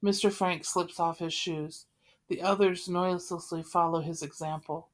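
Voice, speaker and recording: Female reader, low voice, plain even delivery of stage directions. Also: moderate pace. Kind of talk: reading stage directions aloud.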